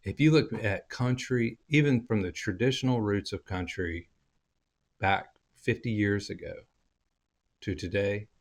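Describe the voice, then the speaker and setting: Chatty Oklahoma host, lowish voice. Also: male voice, measured pace. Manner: rambling, chatty, restarts phrases. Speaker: podcast host. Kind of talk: casual interview chat.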